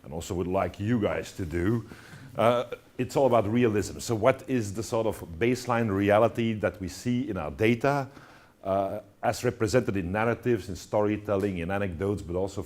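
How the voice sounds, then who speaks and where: A man's voice: on the low side, normal speed, a little mellow. A man lecturing to students, talking with many fillers and restarts and checking in with "all right?". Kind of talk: university lecture.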